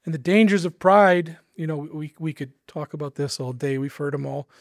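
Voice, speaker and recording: A man's voice: on the high side, moderate pace, no room sound, studio quality. A man preaching a sermon, earnest and emphatic, with casual asides to his listeners.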